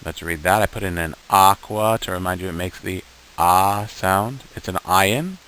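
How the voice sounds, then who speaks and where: A man teaching beginners, patient and slow, sounding out each syllable and repeating words for the learner to copy. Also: sits low, a bit bright, clean tone, poor audio. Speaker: Hebrew teacher. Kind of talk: beginner language lesson.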